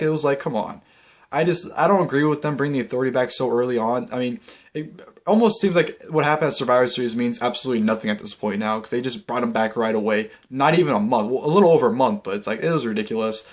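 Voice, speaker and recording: A young man talks fast in a casual video recap and piles up "you know" and "like" as he goes. His pitch sits right in the middle of the range for a man. He gets excited and rambles from one point to the next. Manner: rambling, filler-heavy, excitable. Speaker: vlogger.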